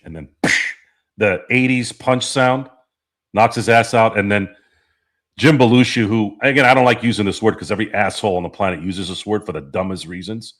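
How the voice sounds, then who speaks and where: A man's voice: on the low side, brisk, a bit bright. A man hosting a casual sports talk stream, rambling, swearing and laughing as he reads the chat. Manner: rambling, profane, laughs often. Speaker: podcast host.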